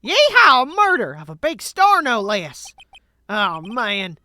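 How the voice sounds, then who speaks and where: A man's voice: extremely high pitch, wildly swooping pitch, slow, pushed and bright, pitched above the performer's own voice, heavily acted. A man voicing a pushy female photographer with a put-on Southern US accent, in a brash, twangy way.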